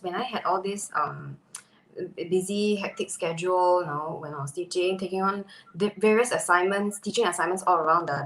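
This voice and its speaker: Brief: woman panelist, bright voice, hesitant fillers, echoey room. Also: on the low side. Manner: reflective, hesitant with many fillers. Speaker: panel guest, former teacher. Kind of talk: panel discussion answer.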